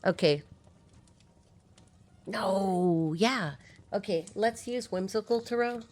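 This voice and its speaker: A woman giving a casual, chatty tarot reading, laughing often and tossing in quick asides. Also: medium pitch, a little mellow. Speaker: tarot reader.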